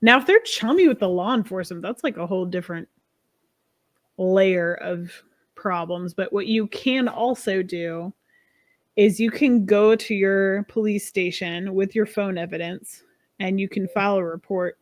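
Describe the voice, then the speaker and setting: A woman's voice: medium pitch, normal speed, no echo. A middle-aged woman co-hosting a podcast, giving practical advice in an easygoing, casual way. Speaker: podcast co-host. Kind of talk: casual chat.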